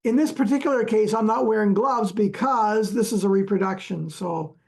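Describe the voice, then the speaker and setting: A man, an archaeologist, telling stories from his digs in a relaxed, halting way, full of fillers and small chuckles. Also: high voice, gravelly. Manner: halting, many fillers and restarts, chuckles often. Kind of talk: relaxed storytelling chat.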